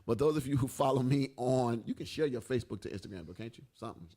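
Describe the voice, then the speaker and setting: A man's voice: medium pitch, expressive, fast, dark tone, husky. A man hosting a faith radio show, chatting casually and reading Bible verses aloud with exclamations of praise. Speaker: radio show host and preacher.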